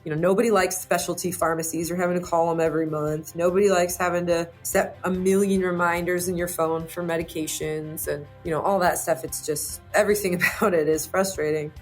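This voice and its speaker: Low-voiced woman, earnest and reflective. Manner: earnest, reflective, with frequent fillers like "you know" and "like". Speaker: podcast guest, patient sharing her story. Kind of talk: casual conversational interview.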